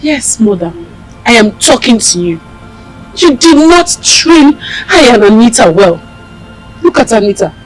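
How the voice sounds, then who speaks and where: A woman's voice: fairly high pitch, big pitch swings, measured pace, soft background music, poor audio. A woman playing a bitter grown daughter who accuses her mother through tears. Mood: accusing. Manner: accusing, tearful. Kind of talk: Nollywood film acting.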